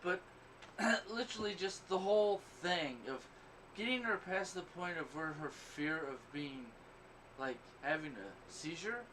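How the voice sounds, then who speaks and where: A man's voice: high voice, measured pace, pushed and bright. A man hosting a crude, casual podcast chat, telling blunt, profane, boastful stories. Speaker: podcast host. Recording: distant mic, noisy background.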